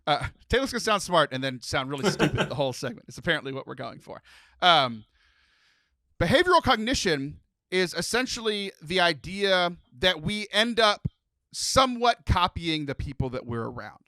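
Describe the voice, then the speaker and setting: Bright, high-voiced chatty male podcast host. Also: normal speed, no echo. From Texas. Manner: animated, rambling storyteller. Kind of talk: casual podcast chat.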